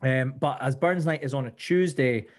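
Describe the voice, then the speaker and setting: A man's voice: medium pitch, normal speed. A man co-hosting a podcast, chatting casually in a laid-back, jokey way. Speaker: podcast co-host. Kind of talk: casual chat.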